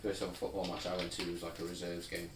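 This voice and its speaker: A young man co-hosts a podcast, his low-pitched voice monotone and quick as he rambles through a laid-back, filler-heavy casual chat. The recording sounds roomy, with a distant mic and faint noise.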